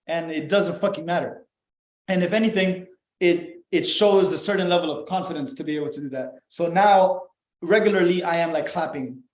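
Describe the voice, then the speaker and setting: A young man with a fairly high voice tells a story in a loose, animated way, swearing freely and acting out what people said. He sounds like a podcast guest chatting casually. The room around him is noticeably echoey. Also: brisk. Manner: animated, profane, acts out dialogue.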